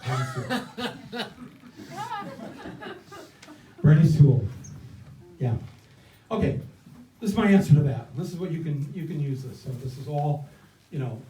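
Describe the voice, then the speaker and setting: A man's voice: a little high, wildly swooping pitch, measured pace, pauses often, warm tone, slight background noise. An older man giving an impassioned campaign speech at an indoor event, hammering points home with repeated phrases. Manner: impassioned, rousing, repetitive cadences. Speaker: campaign guest speaker. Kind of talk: stump speech. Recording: echoey room, mic from far off.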